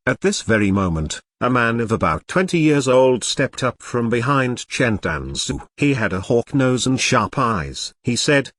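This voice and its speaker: A man's voice: medium pitch, very animated, measured pace, hardly any pauses, a bit bright, dry recording. A man narrating a fantasy novel chapter as an audiobook, reading expressively.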